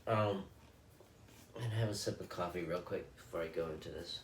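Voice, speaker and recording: Host, male, very low voice, gentle and earnest, recorded from a distance with faint hiss behind. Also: normal speed. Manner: earnest, repetitive, gentle cadence. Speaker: host of a daily loving-kindness video. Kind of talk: spoken blessings and reflective self-help talk. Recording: roomy echo, distant from mic, faint background noise.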